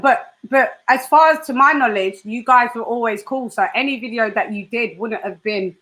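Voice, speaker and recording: Casting: woman host, high bright voice, animated chatter, quick laughs. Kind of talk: casual live-stream chat.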